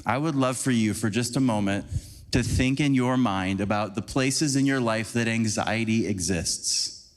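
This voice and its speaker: A man giving a conversational, animated sermon as a preacher, acting out little scenes for the congregation. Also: mid-range voice, measured pace. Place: church sanctuary. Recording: long church hall reverb.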